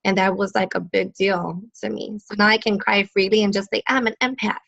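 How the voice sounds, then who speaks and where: A woman's voice: mid-range voice, fairly even intonation, a little fast, creaky, fairly bright tone, lo-fi sound. A woman guest talking as a psychic medium in a casual interview, telling stories animatedly and laughing often.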